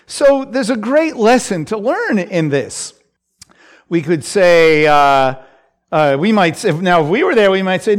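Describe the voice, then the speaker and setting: A man gives a relaxed, conversational Bible lesson. His voice sits fairly high and moves through a lively, expressive range while he speaks at an unhurried pace. He fills the gaps with casual asides and briefly takes on the voices in the passage. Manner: unhurried, lots of fillers and asides, voices scripture quotes. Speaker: Bible teacher.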